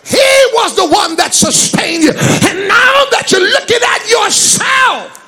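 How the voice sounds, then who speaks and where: At a church service, a pastor with a very high, expressive voice preaches slowly to his congregation. His rhythmic cadence moves from hushed talk to sung, shouted peaks.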